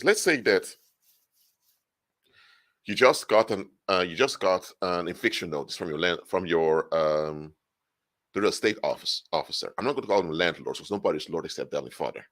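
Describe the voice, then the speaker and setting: A man giving an animated solo monologue, explaining through hypothetical examples, often restarting and correcting himself mid-sentence. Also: low-pitched. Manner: frequent restarts and self-corrections. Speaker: spiritual commentator.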